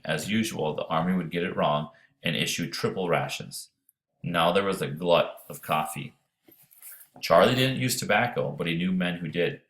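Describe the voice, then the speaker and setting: Deep-voiced man narrating an audiobook. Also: a bit bright.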